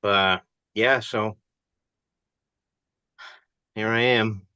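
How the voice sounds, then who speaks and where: A man's voice: lowish voice, steady tone, very slow, sharp tone, smooth, dry recording, muffled recording. A man chatting casually on a video call, hesitant, with many restarts.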